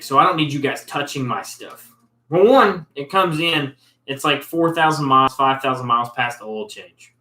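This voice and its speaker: A man's voice: medium pitch, bright, forceful tone. A man telling a long, exasperated story about a rude customer, rambling and blunt in a casual way. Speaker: show host, car mechanic. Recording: roomy echo.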